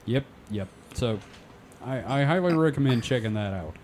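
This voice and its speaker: A man's voice: mid-range voice, expressive, normal speed, darkish tone, slight background noise. A man co-hosting a podcast in casual chat, joking and swearing freely. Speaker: podcast co-host.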